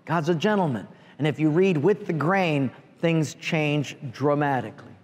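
A man preaching a sermon as pastor, animated, acting out prayers and speaking asides to the congregation. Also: on the high side, normal speed. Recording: long hall reverb.

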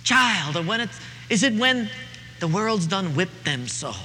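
A man voicing a compassionate older Southern mother with a Southern accent, asking gentle questions, recorded in a reverberant hall with faint ambience. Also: high-pitched, animated, a little slow, slight background noise, voice pushed up, exaggerated voice. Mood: tender pleading. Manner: gentle pleading, rhetorical questions.

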